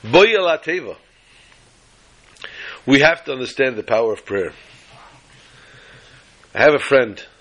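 Husky man, religious storyteller, animated dramatic sermon, mid pitch. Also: a little slow, long pauses, rough recording.

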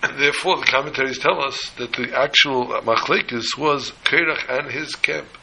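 A man's voice: medium pitch, moderate pace, creaky, sharp tone, slight background noise, low-quality recording. A man preaching a sermon, telling a parable in an emphatic way and mixing in Hebrew and Yiddish terms. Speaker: rabbi.

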